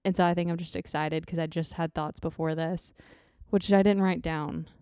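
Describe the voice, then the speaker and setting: A young woman chats through her solo podcast, bubbly and rambling and quick to lose her thread. Her voice sits low and mellow and is recorded close and dry, with no room sound at all. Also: fairly even intonation, clear, resonant tone, no echo. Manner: bubbly, rambling, easily sidetracked. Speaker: podcast host. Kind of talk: casual solo podcast chat.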